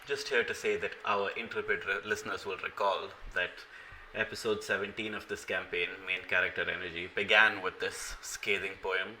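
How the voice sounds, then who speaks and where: A man records a short scripted note to listeners in a dry, level tone. His voice is low and flat, but bright in timbre, with faint background hiss. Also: moderate pace, rough recording.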